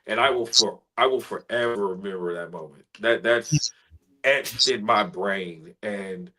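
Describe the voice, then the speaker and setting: A man's voice: on the low side, pushed and bright, low-quality recording. Earnest man telling a heartfelt story. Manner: earnest, emotional, measured storytelling. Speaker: spoken word poet and guest. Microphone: video call.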